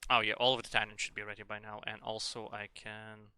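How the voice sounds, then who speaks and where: A man's voice: lowish voice, little pitch movement, fairly quick, pushed and bright, smooth. A man streaming a game and chatting casually in a rambling, sweary, joking way. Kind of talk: casual chat while gaming.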